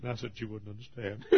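An older man preaching a sermon, telling stories emotionally and swinging from hushed tones to shouts. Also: mid-range voice, gravelly, muffled recording. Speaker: pastor.

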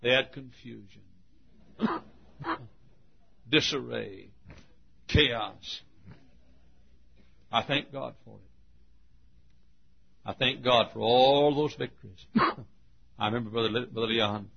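A man's voice: mid-range voice, slow pace, creaky, long pauses, breathy edge. An older man, a pastor, telling stories from the pulpit in a folksy, humorous way, coughing often. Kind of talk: sermon storytelling. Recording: dull lo-fi recording.

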